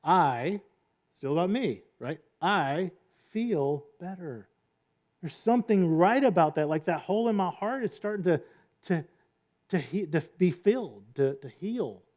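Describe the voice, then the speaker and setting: Male pastor preaching in a relaxed, talky style with a slightly high voice. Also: normal speed, lo-fi sound. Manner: conversational, asks "right?" often, acts out quotes. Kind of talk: sermon.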